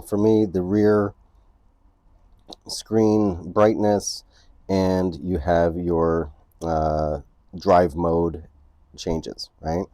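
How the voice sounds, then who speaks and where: A man's voice: deep voice, mellow, no room sound, studio quality. A man hosting a casual camera tutorial at home. He explains each step and keeps checking in with the viewer by asking "right?". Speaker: photography channel host. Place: indoors at home near a couch.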